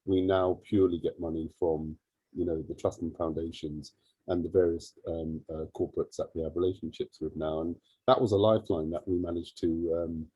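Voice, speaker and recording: Man, charity head, low husky voice, lively storyteller who acts out dialogue; dry close sound. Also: brisk, no echo, lo-fi sound. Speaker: charity CEO. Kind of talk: animated storytelling in an interview.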